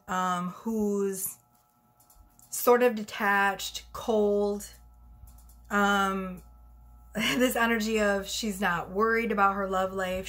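A woman's voice: mid-range voice, a bit bright. A woman giving a casual tarot reading, chatty and rambling, a little out of breath. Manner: chatty, rambling, self-correcting. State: slightly out of breath. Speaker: tarot reader.

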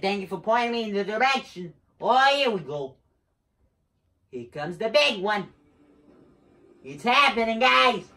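Animated, joking let's play commentator. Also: medium pitch. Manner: excitable, jokey, talks to himself while playing; screams now and then. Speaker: gamer.

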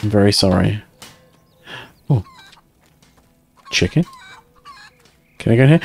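A man's voice: lowish voice, lively intonation, a little slow, creaky, pauses often, darkish tone, husky. A man streaming a game live, chatting casually and joking crudely while reading chat aloud.

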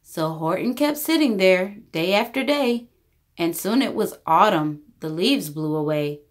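A woman storyteller reading a rhyming children's story aloud, with expressive narration. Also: mid-range voice, measured pace.

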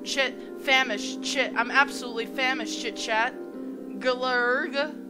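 A woman's voice: high-pitched, fairly even intonation, takes it slowly, loud music behind the voice, voice pushed up. A woman voicing a jittery, hungry talking pet bird that chatters and speaks in a folksy drawl.

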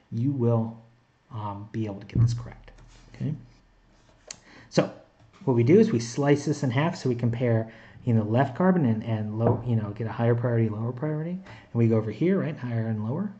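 A man's voice: mid-range voice, dark tone. A man teaching a recorded chemistry lecture in a conversational way, with frequent fillers and restarts. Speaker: chemistry instructor.

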